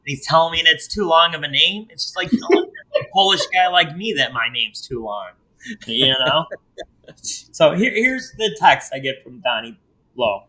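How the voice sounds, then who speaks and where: Male podcast host, bright tone, loose and jokey delivery. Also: a little high, lively intonation, normal speed, poor audio. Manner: joking, rambling, teasing his co-host. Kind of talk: casual podcast chat.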